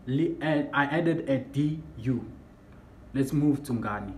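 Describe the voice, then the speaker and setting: A young man explains word sounds in a casual lesson, often pausing and repeating himself. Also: mid-range voice, darkish tone. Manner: halting, repeats himself, searches for words. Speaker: language teacher. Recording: echoey room with faint background hum.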